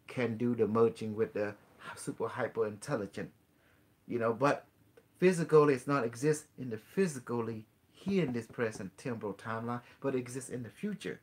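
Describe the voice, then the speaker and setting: A man hosting a call-in show, earnestly explaining ideas in halting, non-native English, with many restarts and rhetorical questions. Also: mid-range voice. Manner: earnest explaining, mixes in quoted dialogue with a device. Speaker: host.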